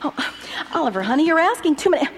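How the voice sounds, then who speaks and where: A gentle evasive mother. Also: high voice, big pitch swings, fast talker, in a large hall, a little hiss or hum. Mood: soothing. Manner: gentle, deflecting. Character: patient, evasive mother at breakfast.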